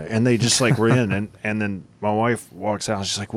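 A man with a low voice hosts a talk show in a loose, chatty way. He laughs often and slips into quick impressions as he tells stories. The sound is dry and close to the mic. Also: no echo. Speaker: host. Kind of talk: casual chat on a Catholic talk show.

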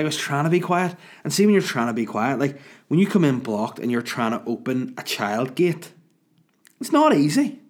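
Northern irish man, thirties, hungover, crude rambling comic stories. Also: mid-range voice. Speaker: comedian telling stories. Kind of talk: casual comic storytelling.

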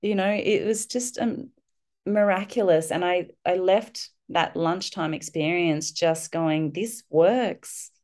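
A middle-aged woman, a guest on a parenting podcast, telling a personal story with lively, animated delivery. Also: lowish voice, unhurried. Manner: warm, animated storytelling, acting out children's voices.

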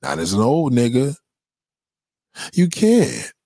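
A man's voice: mid-range voice, wildly swooping pitch, slow pace, gravelly, warm tone, no echo. A man giving blunt, profane opinions in a casual, emphatic rant, often repeating himself. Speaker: commentator.

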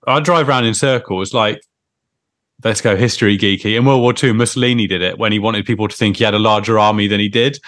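A man co-hosting a football podcast talks in a low voice. His delivery is chatty and joking, and he drifts into trivia asides. The sound is dry and close. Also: quick pace, a bit bright, no room sound. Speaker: podcast co-host. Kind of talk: casual chat.

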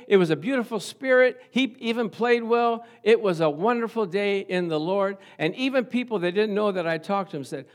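A middle-aged man preaching a sermon as pastor, animated and calling out for amens. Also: high voice. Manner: animated, asks the congregation for amens. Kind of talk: lively sermon.

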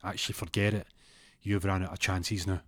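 A man's voice: sits low, level tone, fairly quick, a bit bright, dry recording. A man voicing a menacing, boastful gangster. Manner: threatening, boastful. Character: menacing male Glasgow gangster with a knife.

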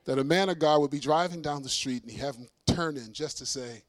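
Higher-voiced man telling a lively sermon story. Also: brisk, no room sound. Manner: lively storyteller, acts out dialogue, self-mocking humor. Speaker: preacher and singer giving a testimony.

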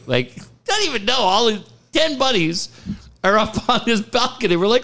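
A man's voice: sits high, measured pace. A man hosting a casual radio chat, telling stories animatedly, swearing freely and acting out quotes. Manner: animated storyteller, acts out quotes. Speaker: radio show host.

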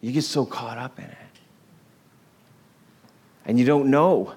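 A man's voice: medium pitch, slow, darkish tone, slightly rough. A man preaching an informal sermon to a congregation in a room, earnest and conversational, often restarting his phrases. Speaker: pastor.

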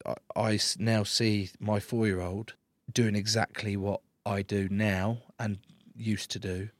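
A man's voice: on the low side, level tone, a little slow, dry recording. A man in his thirties with a southern English accent, a guest in a studio interview, bantering cheekily with mock indignation and swearing freely. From England. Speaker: interview guest, rugby player.

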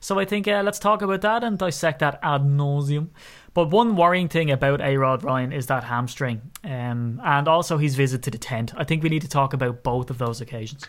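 A man co-hosting a casual sports podcast, joking and exaggerating as he talks. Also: fairly quick. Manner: animated, joking, exaggerating with rising pitch. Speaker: podcast co-host.

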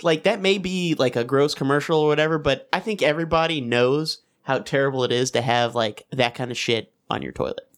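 A man's voice: medium pitch, brisk, hardly any pauses. A man on a casual podcast, telling crude stories and joking with friends, often restarting his sentences. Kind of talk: casual chat.

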